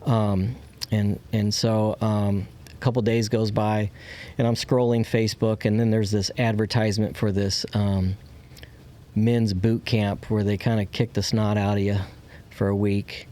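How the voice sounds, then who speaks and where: A man's voice: lowish voice, flat delivery, measured pace, dark tone. A man candidly telling a personal story as a podcast guest. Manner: candid, acts out quoted voices.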